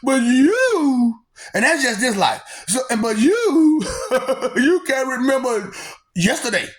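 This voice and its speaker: In a slow, high, sing-song voice, a vlogger rambles on in a teasing rant directed at the camera. She laughs a lot between lines and repeats words in a lilting, sing-song fashion for her audience.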